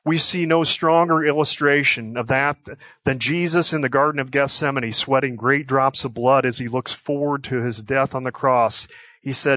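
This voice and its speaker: A man preaching a sermon in an earnest, measured way, slowing down to stress quoted scripture. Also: mid-range voice, fairly even intonation, pushed and bright, no room sound, clean studio sound. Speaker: pastor.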